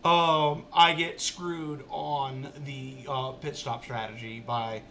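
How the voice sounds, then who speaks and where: A man's voice: mid-range voice, steady tone, slow pace, bright, forceful tone, slight background noise. A man streaming a racing management game, talking casually to his chat in an exasperated, ranting way and repeating himself. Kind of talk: casual live-stream commentary.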